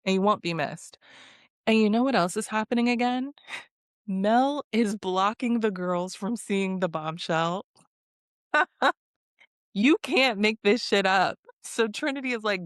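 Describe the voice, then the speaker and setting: A woman's voice: medium pitch, measured pace, dry recording. Sassy young woman recapping, dry sound. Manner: sassy, blunt, laughs often, acts out quotes. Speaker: reality show recapper. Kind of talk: casual recap vlog.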